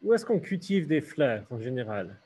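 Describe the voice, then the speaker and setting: Husky, lively-voiced man teaching French. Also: mid-range voice, a little fast. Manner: switches between English and French, asks the class questions. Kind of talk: hybrid classroom lesson.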